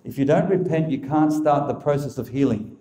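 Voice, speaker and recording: A man's voice: fairly high pitch, a little fast, warm tone, reverberant. A man giving a religious teaching talk as a Catholic speaker, emphatic and full of rhetorical questions.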